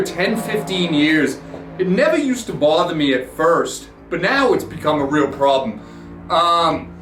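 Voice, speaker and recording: A man's voice: high voice, fairly bright tone, distant mic. A man hosting his own show, venting in a sarcastic, exasperated way with frequent restarts, recorded in a basement. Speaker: podcast host. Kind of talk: casual ranting monologue. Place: home basement. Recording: roomy, echoey sound from off-mic.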